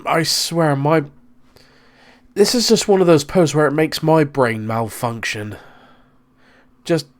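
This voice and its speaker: A man reacting to posts in casual chat, hesitant and halting, often restarting his words. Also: a little high. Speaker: co-host reacting.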